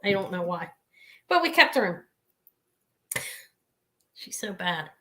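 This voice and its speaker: A woman with a medium-pitched voice hosts a live jewelry sale stream, speaking slowly with big swings in pitch and a bright, forceful tone. She chats casually as she shows each piece, rambling off into side stories and frequent asides.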